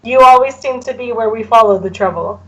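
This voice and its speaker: A woman's voice: fairly high pitch, a little fast, low-quality recording. A woman playing a tabletop game, speaking directly and asking pointed questions. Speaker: player. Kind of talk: casual in-character game talk.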